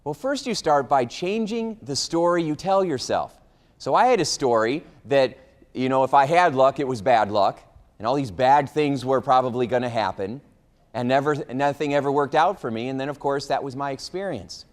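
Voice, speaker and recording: A man giving a motivational talk, telling stories with lively, acted-out dialogue. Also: mid-range voice, moderate pace. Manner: animated storytelling, acting out a frustrated man's complaints. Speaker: motivational speaker.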